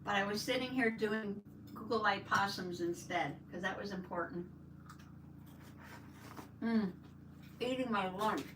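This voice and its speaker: Slow-talking older woman, roomy distant mic. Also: medium pitch. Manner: chatty, greets viewers by name, reads out chat. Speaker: livestream host. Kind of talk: casual livestream chat while crafting. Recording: roomy, distant mic, faint background noise.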